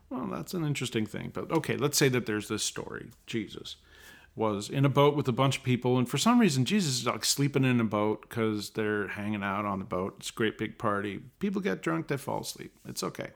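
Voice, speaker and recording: Male podcast host, mid-pitched voice, sarcastic running commentary, mocks others with exaggerated voices.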